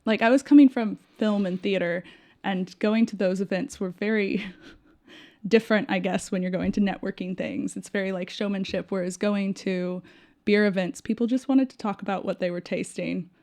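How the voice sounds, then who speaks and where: A woman's voice: mid-range voice, moderate pace. A woman in her thirties, a podcast guest telling stories in a casual chat, acting out quoted dialogue and laughing often. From United States. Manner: animated storyteller who acts out quoted dialogue, laughs often. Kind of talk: casual interview storytelling.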